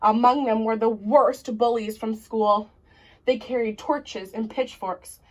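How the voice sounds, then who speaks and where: A woman storyteller reads a children's tale aloud. She speaks slowly and expressively, in a voice set a little high. Every sentence is shaped with care. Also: fairly even intonation, poor audio.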